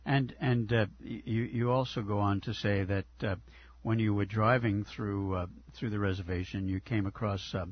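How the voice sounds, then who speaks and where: Male radio host, husky voice, stumbles over his questions, kinda dull sound. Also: lowish voice, fairly even intonation, no echo. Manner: halting, repeats words as he asks questions. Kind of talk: radio interview.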